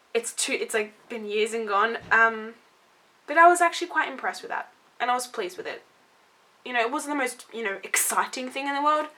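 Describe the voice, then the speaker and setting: A woman's voice: on the high side, sharp tone. A young woman reviewing a video game in a vlog, gushing and blunt, swearing casually.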